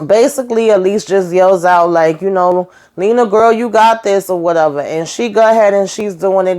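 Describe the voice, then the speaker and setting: A woman recapping a TV episode in a casual, chatty way. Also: lowish voice. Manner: chatty, animated retelling with acted quotes and asides. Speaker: YouTube reviewer.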